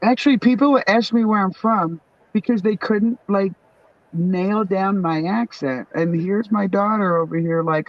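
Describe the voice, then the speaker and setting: A woman's voice: medium pitch, measured pace, no echo. A middle-aged woman with a New York accent, chatting bluntly with family on a stream, swearing and laughing often. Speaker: livestream host. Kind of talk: casual chat. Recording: dull muffled sound.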